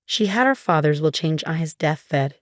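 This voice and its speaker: A bitter grown son in a told story, read by a woman narrator. Low, dry voice, close to the narrator's own. Storybook reading. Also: expressive, normal speed, no echo.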